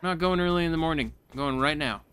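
A man's voice: a little high, fast talker, a bit bright, clean tone. A man doing casual let's play commentary, reading game dialogue aloud and commenting offhandedly. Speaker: gaming channel host.

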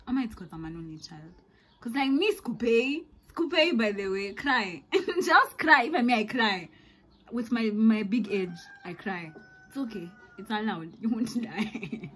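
A young woman with a Kenyan accent telling a story to camera as a vlogger, animated and dramatic, mixing in Swahili slang. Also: on the high side, unhurried, slight background noise, rough recording. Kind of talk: storytime monologue.

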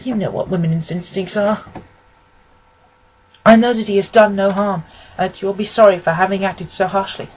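A man reading aloud who voices an earnest, grieving young woman pleading for her cousin in a husky voice. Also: high voice, fairly even intonation, moderate pace, long pauses, voice pushed up, low-quality recording. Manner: earnest, imploring.

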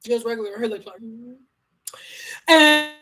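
High-voiced woman vlogger, frank and joking. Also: unhurried. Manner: animated storytelling with acted quotes. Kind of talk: casual chat.

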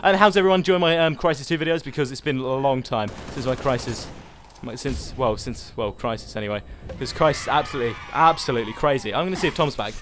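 A young man hosting his own gaming channel, giving rambling, excitable live commentary while he plays and calls out to viewers and his teammate. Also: mid-range voice, fast talker, hardly any pauses, noisy background. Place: home.

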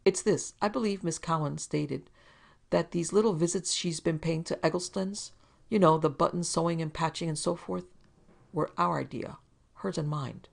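Fussy, prim male client with a whiny, raised pitch and a gravelly edge, as a woman reader puts him on. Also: moderate pace. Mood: wheedling. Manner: prim, fussy wheedling talk, higher pitch. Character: fussy, wheedling middle-aged man client. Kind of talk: storybook reading.

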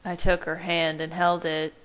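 A woman with a low voice reading fan fiction aloud in the first person. She narrates at a steady, measured pace. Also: poor audio. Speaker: reader.

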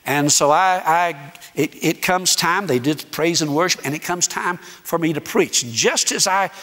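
A man preaching as a guest speaker, telling a story in an animated way and acting out the dialogue. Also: on the high side. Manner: animated, acts out dialogue, dramatic pauses. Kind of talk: sermon storytelling. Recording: echoey hall reverb.

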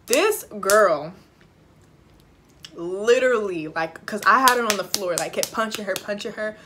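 A woman's voice: mid-range voice, lively intonation, a little slow, noisy background. A young woman vlogger telling a storytime while eating, chatty, slangy and profane, talking straight to her viewers. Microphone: phone camera.

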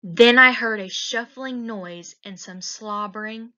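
A woman teacher reads a children's picture book aloud, slowly and expressively. Her voice is bright and forward, and it is heard through a dull, lo-fi recording. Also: fairly high pitch. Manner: slow and expressive.

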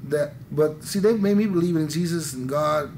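A man's voice: a little high, normal speed, darkish tone, a little hiss or hum. A man in his thirties talking candidly in an interview, rambling and intense, restarting often and saying "man" a lot. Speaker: interviewee, musician. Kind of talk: candid conversation.

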